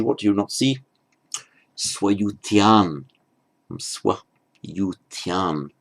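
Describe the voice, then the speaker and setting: A man teaching a lesson, explaining each word slowly and carefully, step by step, and stressing each foreign word as he says it. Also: sits low, vocal fry. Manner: slow, careful, stepwise explaining; pronounces foreign words slowly with emphasis. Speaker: Sanskrit teacher. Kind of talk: lecture.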